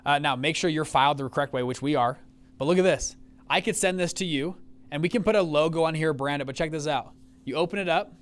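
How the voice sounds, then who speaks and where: Upbeat, slightly high-voiced man hosting a webinar. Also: fast. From Utah. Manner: animated, storytelling with many restarts and check-ins. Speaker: fund manager and webinar host. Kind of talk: casual live webinar talk.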